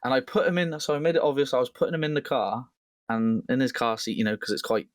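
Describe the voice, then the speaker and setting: A young man co-hosting a podcast chats casually, telling stories with lots of energy, acting out quotes and swearing often. His voice sits at a medium pitch with fairly even intonation, and he talks fast. The recording is clean studio sound with no room sound.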